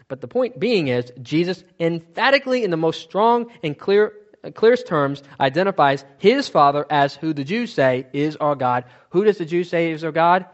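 A man's voice: a little high, animated, normal speed, lo-fi sound. A man teaching from the Bible in a sermon, asking questions and answering them himself, stressing key words.

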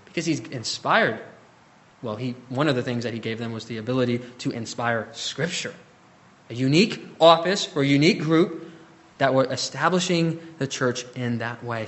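A man preaching a sermon, swinging between loud emphasis and soft, drawn-out scripture reading. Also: on the high side. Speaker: pastor.

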